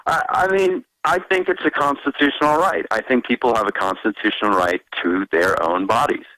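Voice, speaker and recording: A man's voice: mid-range voice, fairly quick, bright, forceful tone, no room sound, poor audio. A man calling in to a radio show, hesitant and politely disagreeing with the host. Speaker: caller. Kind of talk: phone-in radio call.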